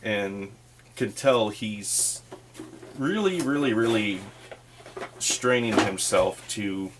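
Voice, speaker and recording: A man narrating a solo tabletop game as game master, in a relaxed, rambling way. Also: on the low side, slow pace, slight background noise.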